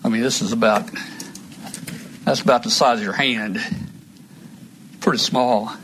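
A man's voice: medium pitch, steady tone, measured pace, a bit bright, a little hiss or hum. A man hosting a casual live stream, rambling through gear talk with many restarts. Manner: rambling, restarts often, trails off. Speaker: host of a radio hobby live stream.

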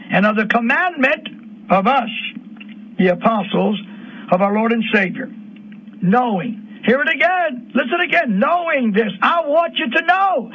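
A man preaching an impassioned sermon on the radio, rising to emotional peaks. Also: very high-pitched. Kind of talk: fiery sermon. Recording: dull lo-fi radio broadcast.

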